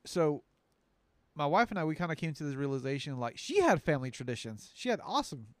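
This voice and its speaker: An animated podcast co-host tells stories in casual chat, acting out the voices of people he quotes. He speaks fast, on the high side, with no room sound.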